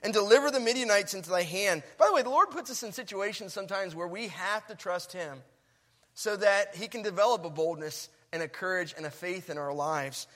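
A male preacher delivers an earnest, animated sermon, stopping to read scripture aloud. His voice sits unusually high and swings widely in pitch. The sound carries the long reverb of a large hall. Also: brisk.

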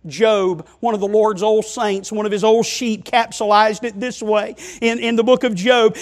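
A man's voice: high voice, fairly even intonation, normal speed, hardly any pauses. A man preaching a sermon, speaking with emphasis, calling his listeners friend and asking them rhetorical questions. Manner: emphatic, addresses listeners as friend and child of God.

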